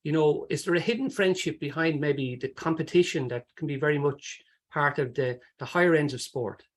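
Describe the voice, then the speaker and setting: A man's voice: on the high side, brisk. A man hosting a webinar interview, asking long, encouraging questions. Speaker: host.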